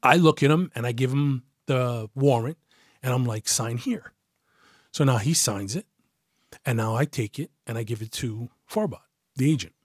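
Here a retired police detective, a middle-aged man, shares a story in a laid-back interview, speaking bluntly, swearing frequently, and acting out others' voices. His mid-range voice is slightly rough and moves at normal speed in a dry, studio-quality recording.

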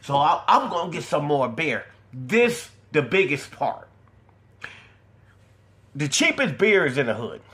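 A middle-aged man tells a personal story in an animated voice. His pitch swings widely as he acts out the others' lines. He sits a little higher than most men. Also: measured pace, long pauses. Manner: animated, acts out voices, emotional and petty humor. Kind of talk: casual storytelling monologue.

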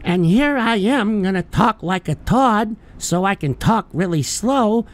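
A man putting on the voice of a male food reviewer, talking in a deliberately slow, drawn-out way. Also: high-pitched, lively intonation, pitched above the performer's own voice. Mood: mocking.

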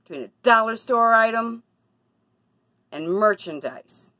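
A woman's voice: fairly high pitch, expressive, unhurried, sharp tone, no echo, low-quality recording. A woman talking casually to her camera in a personal vlog, confiding and then indignant about bad deals. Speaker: vlogger.

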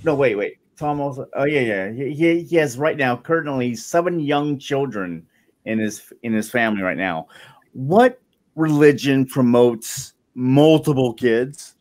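A man on a video call in a casual discussion, reading aloud haltingly with many fillers and restarts. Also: medium pitch, animated.

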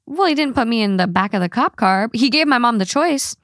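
A woman's voice: fairly high pitch, animated, a bit bright, no echo. Blunt woman podcast host, dry close mic. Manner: blunt, quick to swear. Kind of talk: casual chat.

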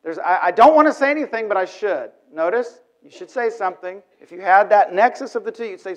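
A middle-aged man speaking at church, telling a story in an animated way and acting out inner thoughts, with many restarts. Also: high-pitched, a little fast, few pauses. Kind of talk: sermon storytelling. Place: church sanctuary. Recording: dull lo-fi church recording.

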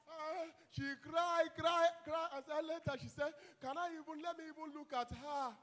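A young Nigerian man, a youth pastor, preaching a fiery sermon full of shouted calls and repeated "hello?" to the congregation. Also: very high voice, steady tone, moderate pace, faint music behind.

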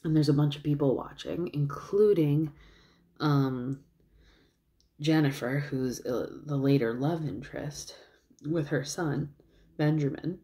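Woman vlogger just rambling a recap, lots of likes and ums, low mellow voice. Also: unhurried. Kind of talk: casual chat.

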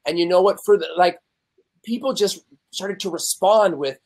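Candid, animated man on a podcast. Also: high voice, moderate pace. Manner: candid and animated, acts out quoted voices. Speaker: podcast guest. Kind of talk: casual conversational interview.

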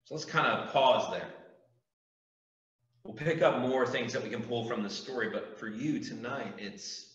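Youth pastor, male, bright forceful voice, earnest preaching; echoey room, distant mic. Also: medium pitch, unhurried, highs cut off. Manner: earnest, emphatic preaching with repetition. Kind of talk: youth group sermon.

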